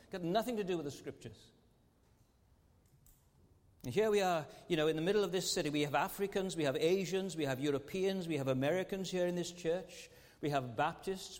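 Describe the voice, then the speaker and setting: Earnest preacher in an echoing church. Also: male voice, sits high. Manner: earnest, with frequent rhetorical tag questions. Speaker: pastor. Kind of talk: sermon. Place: large church sanctuary. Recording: long church hall reverb.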